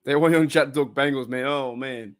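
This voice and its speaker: A man's voice: medium pitch, steady tone, moderate pace. An Australian man hosting a casual live stream, talking bluntly and heatedly and swearing freely.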